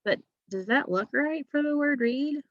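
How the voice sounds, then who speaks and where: A woman's voice: sits high, normal speed, dry recording, lo-fi sound. A woman teacher giving a phonics lesson to young children, patient and drawing out each sound.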